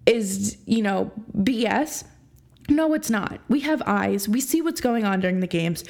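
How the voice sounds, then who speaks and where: A young adult woman hosting a sports podcast, ranting in an exasperated, animated way and laughing between points. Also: a little high, unhurried, creaky. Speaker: podcast host. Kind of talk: opinionated sports podcast rant.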